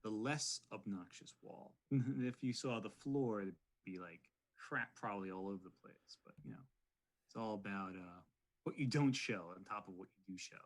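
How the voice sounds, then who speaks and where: A man's voice: fairly low pitch, moderate pace. A young man appearing as a guest writer on a podcast over a video call, chatty, opinionated and self-deprecating. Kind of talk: casual podcast conversation.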